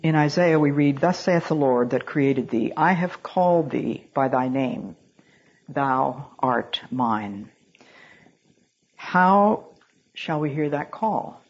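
A woman's voice: low voice, measured pace, darkish tone, breathy edge, muffled recording. A woman preaching a sermon, telling stories in an earnest way and quoting scripture in a solemn, old-fashioned cadence. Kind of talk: sermon with storytelling.

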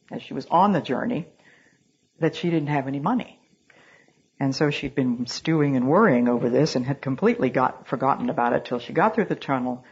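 A woman's voice: extremely low pitch, husky, highs cut off. A woman preaching a sermon, telling stories in an earnest way and quoting scripture in a solemn, old-fashioned cadence. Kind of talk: sermon with storytelling.

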